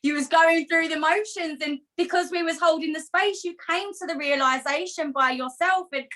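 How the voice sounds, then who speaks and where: A woman's voice: very high-pitched, normal speed, a bit bright, low-quality recording. A woman co-hosting an online women's community call, speaking in affirming, emotional reassurances to the group. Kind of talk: supportive group talk. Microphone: video call.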